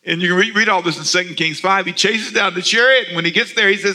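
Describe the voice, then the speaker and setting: A man preaching on the radio, telling a story with animated delivery and emphatic, repeated phrases. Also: high-pitched, fast, hardly any pauses. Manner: animated storytelling with acted-out asides. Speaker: pastor. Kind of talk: radio sermon.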